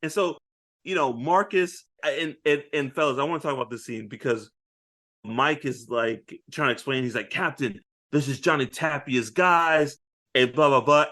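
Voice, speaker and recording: A man co-hosting a casual movie podcast, retelling scenes with animated quoted lines and frequent laughter. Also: medium pitch. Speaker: podcast co-host.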